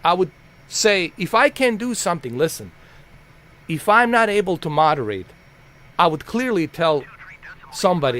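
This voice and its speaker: A man's voice: sits high, big pitch swings, normal speed, long pauses, pushed and bright. A man streaming live and ranting at his chat in a heated, blunt, profane way, repeating himself for emphasis.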